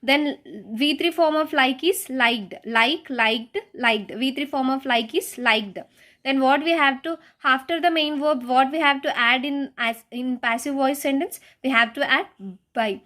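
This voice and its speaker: A woman with a notably high voice takes a class through a grammar lesson one step at a time. She keeps putting rhetorical questions to her pupils and repeating key words. Her sentences often stop and restart as she works through each example. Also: a little slow, pushed and bright. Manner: frequent hesitant restarts. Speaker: schoolteacher.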